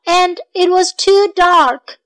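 Woman reader as a homesick little pig girl, high and slow, pleading storybook child. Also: fairly bright tone, full character voice. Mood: earnest.

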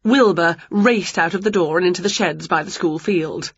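A woman reading a children's storybook aloud with expressive, animated storytelling, on a dull lo-fi recording. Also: fairly low pitch, normal speed, few pauses, breathy edge, no room sound. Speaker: storybook reader. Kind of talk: storybook read-aloud narration.

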